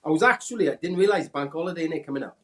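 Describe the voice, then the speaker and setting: A Welsh man in his forties, a former footballer, telling animated anecdotes in casual chat and mimicking people in a raised voice. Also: rapid-fire, crowd noise. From Wales. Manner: animated anecdotes, acts out quotes in a high voice. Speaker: former footballer, podcast guest. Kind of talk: casual storytelling.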